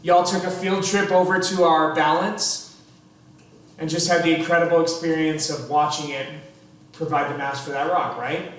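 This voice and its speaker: A man's voice: on the high side, fairly even intonation, normal speed, a bit bright. A man in his thirties teaching a chemistry class, chatty with dry sarcastic humor and asides to his students. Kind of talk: classroom lecture. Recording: very echoey classroom, faint room noise.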